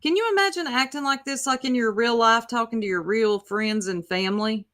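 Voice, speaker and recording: A woman's voice: on the high side, a little fast, a bit bright. A woman hosting casual reaction commentary, sarcastic and profane, talking back to the clips she plays. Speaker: YouTube commentator.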